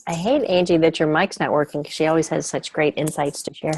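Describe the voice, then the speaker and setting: A woman hosting a casual group call, chatty and animated, laughing often as she tells stories. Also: low-pitched, brisk, a little hiss or hum.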